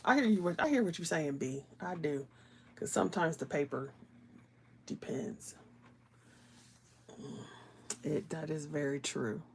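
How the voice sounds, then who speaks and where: A woman's voice: sits low, moderate pace, a little hiss or hum. A woman hosting a live stream, chatting casually with viewers as she colors, laughing often and slipping into whispers while she works. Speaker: livestream host.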